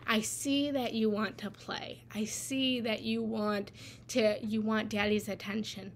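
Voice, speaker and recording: A woman's voice: medium pitch, flat delivery, measured pace, a little hiss or hum, lightly acted. A woman voicing a patient, loving father who soothes his child and calls her honey. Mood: reassuring. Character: patient, loving father busy fixing a truck.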